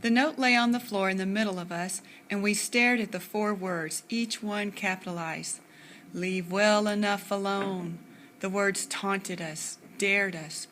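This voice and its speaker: A woman reading a children's novel aloud in an even, unhurried first-person narration. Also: mid-range voice, slight background noise. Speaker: audiobook reader.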